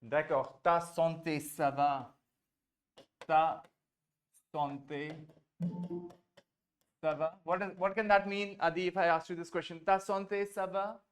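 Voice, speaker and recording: Soft music plays behind a man with an Indian English accent as he teaches beginner French over a video call in a level tone. His voice sits somewhat high, and he patiently drills and repeats phrases slowly while moving between French and English.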